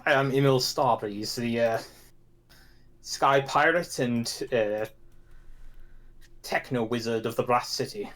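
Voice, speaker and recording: A man's voice: medium pitch, slow pace, pauses often, a bit bright. A man voicing a grandiose male sky pirate and techno wizard, introducing himself proudly in a slightly raised voice, a bit away from the mic.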